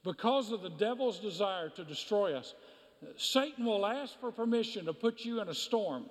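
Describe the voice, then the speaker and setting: A man's voice: high voice, animated, moderate pace. A man preaching a sermon as pastor, emphatic and repetitive, in a church sanctuary. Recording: long hall reverb.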